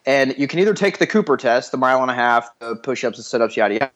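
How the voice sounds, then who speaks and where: A man's voice: medium pitch, expressive, quick pace, a bit bright, muffled recording. Brief: male podcast co-host, joking and chatty, mid-range voice. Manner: joking, talkative. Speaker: co-host, police officer. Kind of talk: casual podcast chat.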